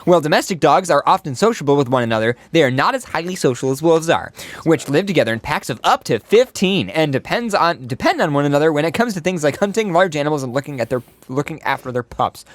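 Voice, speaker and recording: A man reads an article aloud on a live broadcast, his voice sitting a bit high. His delivery is animated and swings up and down a lot. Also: fast talker, no echo. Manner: animated, breaking into laughs while reading. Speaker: podcast host.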